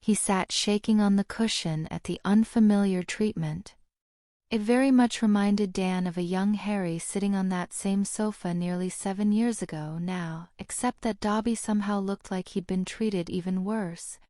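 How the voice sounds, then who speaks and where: A woman narrating a fan fiction audiobook in a steady, measured reading. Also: mid-range voice, dry recording, studio quality.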